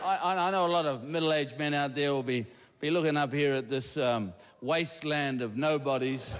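A man's voice: fairly high pitch, moderate pace. A man with a New Zealand accent, the guest of honour at a live roast, speaking in a mock-humble, sarcastic way. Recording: echoing hall, loud audience noise.

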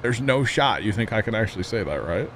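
A man's voice: lowish voice, big pitch swings, a little fast, fairly bright tone, slight background noise. A young man with a Midwestern American accent chatting casually with viewers while he streams a game, joking at his own expense and laughing often. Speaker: livestreamer. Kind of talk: casual gameplay chat with viewers.

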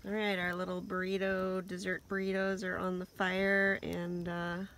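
A woman's voice: lowish voice, completely flat delivery, normal speed, a bit bright. A woman camping vlogger chatting in a casual, upbeat way and laughing often at an outdoor lakeside campsite.

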